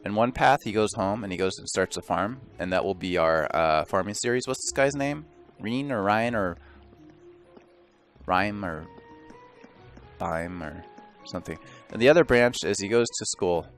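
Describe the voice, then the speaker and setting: A man's voice: on the low side, lively intonation, moderate pace, soft background music. A man rambling and joking through casual let's play commentary, often stopping and restarting mid-thought. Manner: rambling, self-interrupting, joking.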